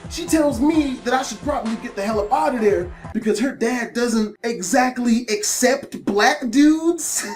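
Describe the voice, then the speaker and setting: A man's voice: very high-pitched, lively intonation, slow, faint music behind. A man telling a wild personal story in casual, profane storytime style, full of slang fillers. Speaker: storytime YouTuber.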